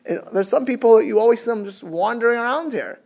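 A man's voice: very high voice, quick pace, creaky, darkish tone. A man giving an informal Torah class, chatty and repetitive, dropping in Hebrew and Yiddish terms.

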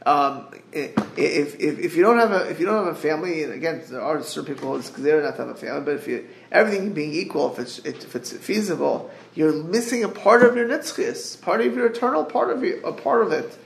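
A man giving a Torah class over a group call, earnest and halting, quoting Hebrew verses and translating them. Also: fairly high pitch, animated, gravelly, echoey room. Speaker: Torah teacher. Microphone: group call line.

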